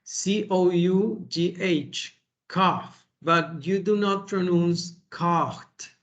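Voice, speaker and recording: Slow, gravelly man teaching English. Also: high-pitched. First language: Spanish. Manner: slow, patient, repeats words and adds "okay?". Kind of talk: kids' vocabulary lesson.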